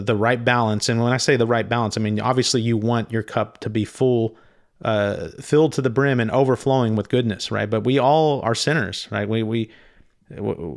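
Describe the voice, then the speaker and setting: A man telling of a spiritual experience in a slow, reflective monologue, often stopping and restarting his sentences. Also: medium pitch. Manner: halting, frequent restarts; slow, thoughtful delivery. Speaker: speaker recounting a spiritual experience.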